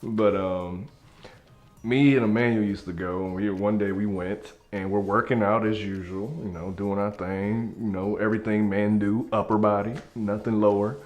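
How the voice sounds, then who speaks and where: A man's voice: on the low side, normal speed, muffled recording, faint music behind. A man hosting his channel, telling a story in a casual, slangy way and acting out the people in it. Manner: animated, slangy, acts out dialogue.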